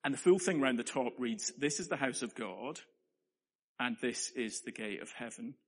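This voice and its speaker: A man's voice: mid-range voice, expressive, normal speed. Man preaching in a reverberant church. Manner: earnest, conversational, playful asides. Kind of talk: sermon.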